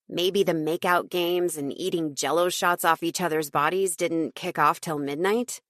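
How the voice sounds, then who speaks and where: A woman's voice: lowish voice, dry recording, clean studio sound. A woman reading a first-person audiobook in a snarky, wry tone. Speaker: audiobook narrator.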